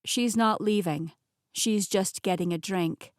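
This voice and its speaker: A woman's voice: medium pitch, slow pace, dry recording, studio quality, close to an everyday voice. A woman voicing a tall, amused young man who banters playfully in an audiobook. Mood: teasing. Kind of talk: audiobook character voice.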